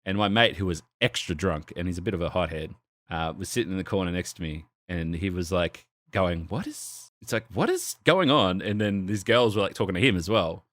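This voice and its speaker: A man's voice: deep voice, fairly even intonation, brisk, fairly bright tone, no room sound, clean studio sound. A young man co-hosting a podcast, telling a bar story with lots of swearing and laughter and putting on the voices of the people in it. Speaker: podcast co-host. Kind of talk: casual podcast chat, storytelling. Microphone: desk microphone with arm.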